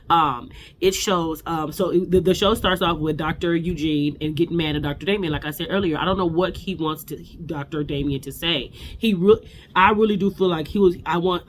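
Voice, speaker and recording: A woman's voice: on the low side, a little hiss or hum. A woman hosting a casual reality TV recap. She talks bluntly and fierily, with slang and lots of repetition.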